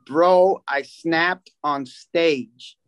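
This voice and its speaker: A man's voice: a little high, drawn-out words, clean tone, dry recording. A comedian in a casual chat, telling stories about his gigs.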